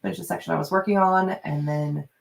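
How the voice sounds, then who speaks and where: A woman's voice: fast talker, gravelly. A woman hosting a writing livestream, chatting casually as she reads out viewers' progress updates. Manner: animated, acts out quoted people with big pitch jumps.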